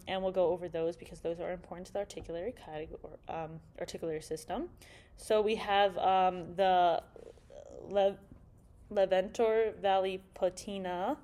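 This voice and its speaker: A young woman giving a classroom presentation on speech anatomy, halting and filling pauses with "um" as she goes. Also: mid-range voice, darkish tone. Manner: halting, many fillers and restarts.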